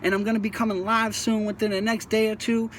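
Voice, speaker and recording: High-pitched New man preaching to kids. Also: flat delivery, fast, fairly bright tone, a little hiss or hum. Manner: preachy, repeats himself, stumbles and restarts often. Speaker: YouTube host talking about prison life. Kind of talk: earnest casual monologue to viewers.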